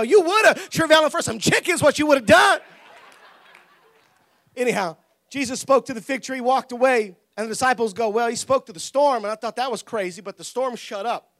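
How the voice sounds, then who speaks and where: A man preaching a lively sermon with humor, laughing often, shouting for emphasis and acting out the people in his stories. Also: very high-pitched, a little fast. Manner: acts out quoted voices.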